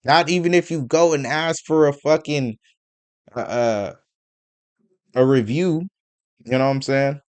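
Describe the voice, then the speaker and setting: A man's voice: a little high, unhurried, long pauses, clear, resonant tone, no echo. Dry, profane ranting man. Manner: profane, rambling, full of rhetorical questions and stammered fillers. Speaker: commentary vlogger. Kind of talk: casual ranting commentary.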